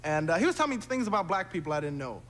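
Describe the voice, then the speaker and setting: A man performing a stand-up comedy routine on stage, telling punchy stories with quick tag lines. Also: fairly high pitch, big pitch swings. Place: theater stage before a live audience. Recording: noisy 1970s TV stage recording with roaring crowd. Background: loud audience laughter.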